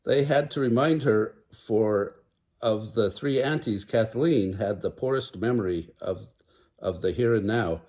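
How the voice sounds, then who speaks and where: An older man reading a children's picture book aloud, unhurried, with small stumbles. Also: fairly low pitch, a little mellow. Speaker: storybook reader.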